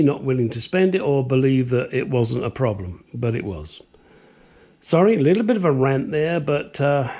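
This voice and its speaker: A man's voice: on the high side, mellow. An older man talking casually through his workshop work, chatty and blunt, drifting into rambling asides. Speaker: home mechanic restoring a car. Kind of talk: casual workshop vlog narration.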